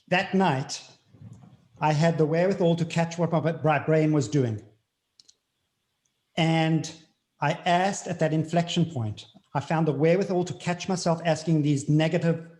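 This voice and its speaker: South african guy on an interview, earnest, repeats himself for emphasis, voice on the high side. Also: a little mellow. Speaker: interview guest. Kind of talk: reflective interview talk.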